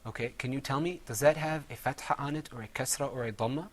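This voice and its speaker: Speaking at medium pitch, a Quran recitation teacher works patiently with his class, asking questions and slowly practicing words together.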